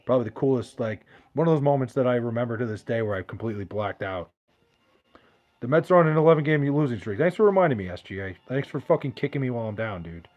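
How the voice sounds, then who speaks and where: A man's voice: mid-range voice, animated, fast, darkish tone. A man hosting a podcast, reading out chat questions in loose, profane, joking banter. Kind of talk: casual chat.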